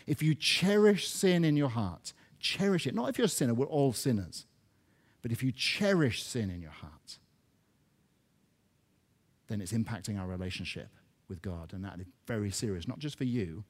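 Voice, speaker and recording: A man delivers a sermon to his congregation in a middle-pitched voice. He is earnest and often restarts or repeats small words as he goes. When he drives a point home, his voice climbs and grows louder. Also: expressive, normal speed. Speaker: pastor.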